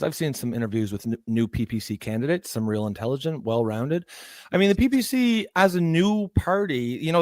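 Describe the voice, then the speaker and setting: A man's voice: medium pitch, no echo. A man co-hosting a livestream, chatting casually and hesitantly with many fillers while reading out viewer comments. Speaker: livestream co-host. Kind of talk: casual political chat.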